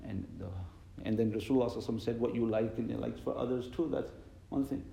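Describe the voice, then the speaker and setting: A man's voice: mid-range voice, fairly even intonation, very fast, creaky, warm tone, echoey room, poor audio. A man giving an earnest sermon, repeating phrases and mixing Arabic and Urdu terms into his English. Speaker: imam giving a religious talk.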